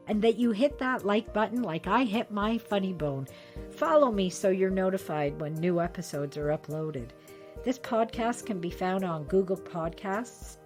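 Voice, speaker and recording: A woman hosting a podcast, telling a personal story in a chatty, self-deprecating way. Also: lowish voice. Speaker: podcast host.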